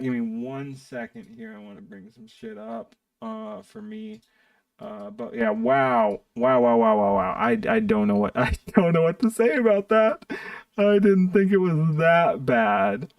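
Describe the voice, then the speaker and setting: A man's voice: high voice, expressive, measured pace, gravelly, no echo, distant mic, lo-fi sound. A man streaming live, ranting in a profane, exasperated way while reacting to videos. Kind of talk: casual stream commentary.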